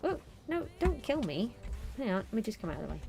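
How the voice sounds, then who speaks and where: Chatty woman gamer with a gravelly voice. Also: on the high side, big pitch swings, quick pace, music in the background. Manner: chatty, talks to viewers and to the game. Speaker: streamer. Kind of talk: casual live gameplay commentary.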